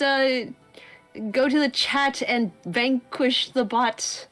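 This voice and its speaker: A woman's voice: sits high, takes it slowly, a bit bright, faint music behind. A woman chatting playfully on a game stream, giggling often and teasing with jokes. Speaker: co-host guest on a game stream. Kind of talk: casual chat.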